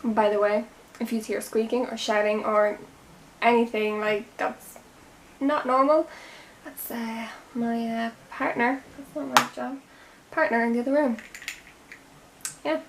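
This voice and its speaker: Chatty Irish woman with a gravelly edge. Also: a little high, steady tone, a little slow, long pauses, a little hiss or hum. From Ireland. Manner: rambling, chatty, drifts into soft half-whispers. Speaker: beauty vlogger. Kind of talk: chatty get-ready-with-me vlog. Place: home room.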